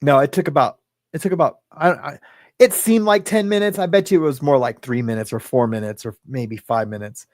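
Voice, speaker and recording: A man in his fifties who hosts a livestream, telling a personal story in a rambling, halting way full of fillers and restarts. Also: mid-range voice, darkish tone, dry recording, studio quality. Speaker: livestream host. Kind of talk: casual storytelling.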